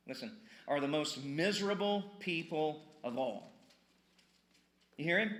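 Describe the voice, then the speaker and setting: A male pastor delivering a sermon in a casual, energetic style, asking the congregation questions and repeating words for emphasis. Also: on the high side, measured pace, pauses often, reverberant. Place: church sanctuary.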